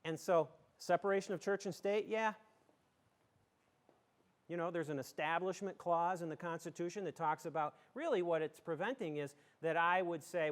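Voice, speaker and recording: With a fairly high pitch and normal speed, a middle-aged man addresses a community audience in a folksy, emphatic way, cracking jokes along the way. He is a school superintendent from the southern tier of western New York.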